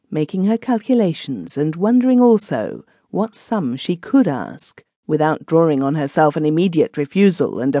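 A woman narrating a classic short story as an audiobook, in an expressive storytelling manner. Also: low voice, dry recording. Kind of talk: scripted narration.

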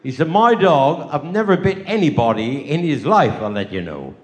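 Older West Country comic spinning bawdy yarns. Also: male voice, a little high, big pitch swings, normal speed. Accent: West Country English. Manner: rambling bawdy yarn-spinning with repeated "I said, she said". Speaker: stand-up comedian. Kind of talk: live stand-up storytelling. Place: live stage show.

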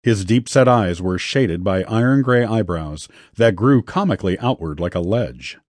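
A man narrating an audiobook in a lowish, husky voice. His reading is expressive, with wide swings of pitch. The recording is dry and close. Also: normal speed, dry recording. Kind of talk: scripted narration.

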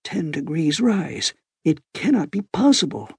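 A man voicing an excitable old male inventor in an audiobook, speaking in urgent exclamations. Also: a little high, a little slow, husky, no room sound, pitched above the performer's own voice, exaggerated voice. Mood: alarmed. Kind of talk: audiobook character voice.

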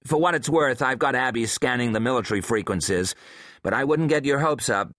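A man voicing a tough, practical woman paleontologist, speaking briskly in a raised voice. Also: medium pitch, fairly bright tone, no echo, clean studio sound, voice pushed up, close to an everyday voice. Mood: worried.

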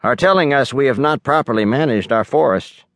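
A man's voice: mid-range voice, a little fast, no echo, clean studio sound, close to an everyday voice. A man doing an edgy, lecturing science teacher. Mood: earnest. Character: earnest male science teacher and environmentalist. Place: recording studio.

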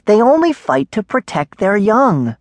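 A man's voice: high voice, wildly swooping pitch, unhurried, no echo, voice pushed up, exaggerated voice. A man voicing a frantic young boy, breathless and pleading to protect his pet dragon. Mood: urgent.

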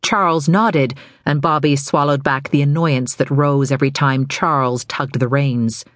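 A woman narrating a thriller audiobook in an even, measured storytelling manner. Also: a bass voice, no room sound, studio quality. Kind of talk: scripted narration.

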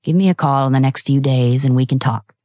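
A woman voicing a small, kindly gray-haired older man who speaks in a gentle, courteous way, read for an audiobook. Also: very deep voice, fairly quick, dry recording, clean studio sound.

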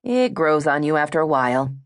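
A woman's voice: low voice, big pitch swings, fairly quick. A woman voicing a blunt, skeptical woman who teases her friend, in an audiobook. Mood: wry. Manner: dry, teasing, skeptical.

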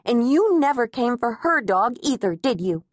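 Narrator giving a high, loud feisty heroine, sharp defiant bluster, audiobook. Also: female voice, expressive, a little slow, no room sound, studio quality. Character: feisty frightened woman defending her home.

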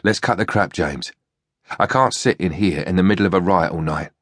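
A man's voice: low-pitched, moderate pace, a bit bright, no room sound, studio quality. A man voicing a tough, blunt undercover soldier in an audiobook, terse and impatient.

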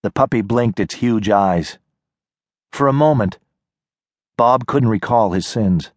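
Male audiobook narrator, low voice, very slow and measured, dry close-mic studio sound. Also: no echo. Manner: measured, unhurried storytelling. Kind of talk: scripted narration.

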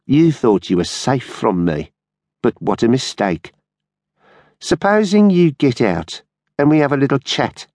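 A man's voice: mid-range voice, sing-song, a little slow, darkish tone, dry recording, clean studio sound, voice pushed up. A man voicing a nervous, sneering small-time ex-convict who sounds breathless as he jeers. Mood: mocking.

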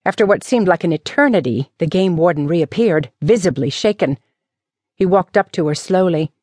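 A woman narrating a mystery novel as an audiobook, with measured, even storytelling. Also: lowish voice, no room sound. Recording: dry studio audiobook.

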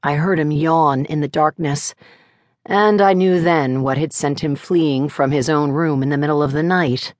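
Woman narrating a novel, low and dry. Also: a little slow, darkish tone, dry recording. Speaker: audiobook narrator. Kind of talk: first-person novel narration.

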